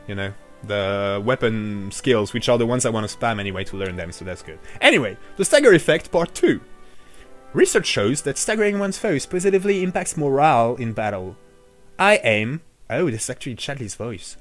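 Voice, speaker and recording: A man streaming a video game, chatting casually and joking with his viewers in an excitable, bantering way. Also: medium pitch. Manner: excitable, jokey banter with chat.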